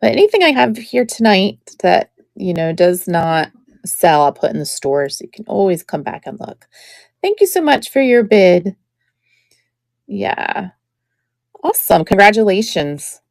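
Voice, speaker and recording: A middle-aged woman selling vintage jewelry on a live stream, chatting in an admiring, unhurried way. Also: medium pitch, very animated, creaky, no echo, studio quality. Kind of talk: live-stream sales chat.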